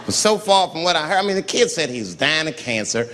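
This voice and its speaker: A man doing profane, animated stand-up, slipping into voices for his stories, on stage before a live audience. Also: fairly high pitch, quick pace, background noise. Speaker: comedian. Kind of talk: stand-up comedy. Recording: live hall with loud laughing crowd.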